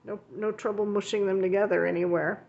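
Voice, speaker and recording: A woman talks through her coloring pages in a casual vlog, chatty and rambling, often correcting herself mid-sentence. Her voice sits at a middling pitch for a woman. The recording is a little dull and muffled. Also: fairly even intonation, a little fast, vocal fry, a little mellow. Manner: chatty and rambling, with frequent fillers and self-corrections. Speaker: coloring channel host; art teacher. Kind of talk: casual show-and-tell vlog.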